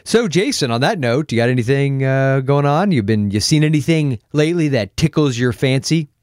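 A man's voice: mid-range voice, animated, normal speed, a little mellow, clear, resonant tone, no room sound, clean studio sound. Joking male podcast co-host. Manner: joking, playful banter. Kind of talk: casual chat.

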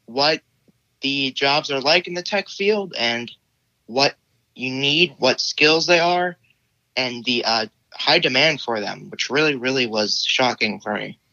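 A man's voice: mid-range voice, a little slow, sharp tone, no echo, muffled recording. A teenage boy answering interview questions casually, hesitant and full of fillers. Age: teens. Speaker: guest.

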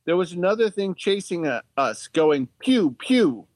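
A man telling the tale as a sweet, earnest family dog, childlike and a bit worried, his voice rising and falling in a lively, sing-song way, recorded close and dry with no room sound. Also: high voice, unhurried, no room sound. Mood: wistful. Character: gentle male pet dog narrating a Christmas tale. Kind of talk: storytelling narration.

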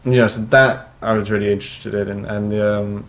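A man talking in a casual interview, halting, with many restarts and fillers. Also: lowish voice, little pitch movement. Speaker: guest musician.

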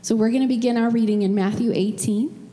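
A middle-aged woman pastor preaches a heartfelt sermon, her voice sitting a little high. She tells personal stories and grows tearful at times. The sound carries a long hall reverb. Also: steady tone, a little fast, warm tone. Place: church sanctuary.

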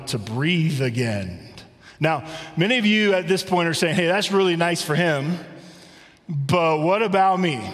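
A middle-aged man preaching a conversational sermon, asking rhetorical questions and reading scripture slowly. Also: fairly high pitch, big-room sound. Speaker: pastor. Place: church sanctuary.

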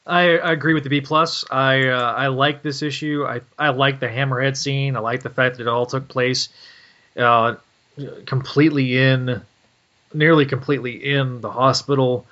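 Comics podcast cohost guy, bright voice, lots of uhs, bit lo-fi. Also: medium pitch, fairly even intonation. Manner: halting, many fillers and restarts, earnest. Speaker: podcast co-host. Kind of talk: casual comic book podcast chat.

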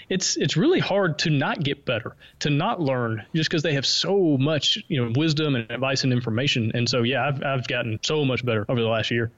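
A man with a Southern US accent talking casually as a guest, quick, animated and self-deprecating. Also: on the high side. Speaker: podcast host being interviewed. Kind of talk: casual conversation. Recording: lo-fi remote call audio.

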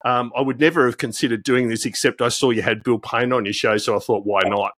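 A man's voice: mid-range voice, steady tone, brisk, fairly bright tone, dry recording. A man hosting an interview show, laughing and asking questions with some hesitation. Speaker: podcast host. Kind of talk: casual interview.

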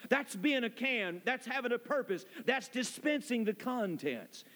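A man preaching a sermon as pastor, building emphasis through repetition. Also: high-pitched. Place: church sanctuary. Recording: long reverb of a church hall.

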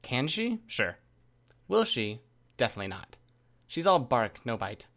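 A man's voice: mid-range voice, sing-song, a little slow, a bit bright. A man voicing a smug teenage girl villain who mocks and teases playfully. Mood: teasing. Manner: mocking, playful.

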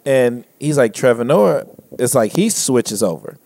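A man retelling a funny story in a casual chat, his voice rising high for the punchlines and breaking into laughter. His pitch moves a lot, and the sound is close and dry. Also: expressive, measured pace, gravelly, a little mellow, dry recording.

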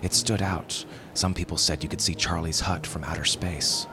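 A man calmly narrating a first-person story. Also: low voice, normal speed, over music.

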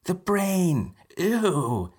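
A man voicing a mechanical male storyteller who warbles theatrically to children, in a slow, breathy voice. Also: sits high, very animated, darkish tone, pitched above the performer's own voice, heavily acted. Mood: gleeful.

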